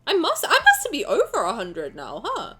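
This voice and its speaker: A young woman streaming live, chatting casually with her viewers in an excitable, exclamatory way, swearing now and then and sounding close to tears. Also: high voice, moderate pace. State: emotional, near tears. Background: faint music.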